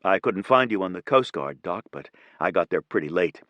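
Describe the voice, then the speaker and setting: Worn out businessman teasing gently, narrator guy reading him, low voice, dry. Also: expressive, normal speed, no echo, lo-fi sound. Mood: tired, warm.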